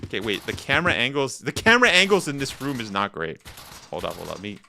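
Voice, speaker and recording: An excitable man in his thirties talks through a game on a live stream, full of slang and quick restarts. His pitch jumps around in a lively way. Constant background noise runs under the recording. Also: creaky. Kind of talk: casual live gaming commentary.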